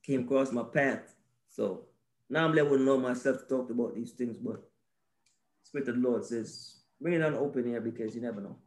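A male co-host on a faith-based podcast talks in a mid-range voice, a little fast. He's animated and preachy, acting out little scenes and repeating his key phrases.

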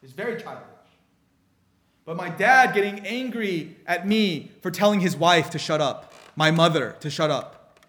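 A male preacher with a somewhat high voice, delivering a sermon as an animated story. He often breaks off and restarts his phrases, then presses his point home earnestly. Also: measured pace.

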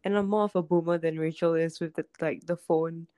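A woman's voice: low-pitched, fairly even intonation, a little fast, dark tone, smooth, no room sound. A young woman co-hosting a casual podcast over a video call, with dry, teasing, self-deprecating remarks. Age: young adult. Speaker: podcast co-host. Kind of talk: casual chat.

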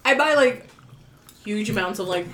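A woman co-hosting a casual group chat, blunt and quick to laugh. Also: mid-range voice, expressive, fairly bright tone, reverberant, a little hiss or hum. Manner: blunt, laughs easily, leads the topic. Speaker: co-host.

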